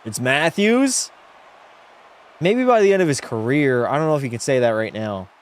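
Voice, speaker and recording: A man's voice: medium pitch, lively intonation, moderate pace. A young man live-streaming a hockey video game, chatting with viewers and giving blunt, opinionated takes. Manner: opinionated, blunt, reads chat aloud. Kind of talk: casual live-stream chat. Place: home room.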